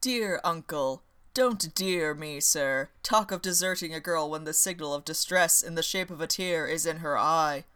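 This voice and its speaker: A woman voicing a gruff, blustering old male naval admiral who swears heartily. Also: sits low, normal speed, few pauses, sharp tone. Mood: scolding.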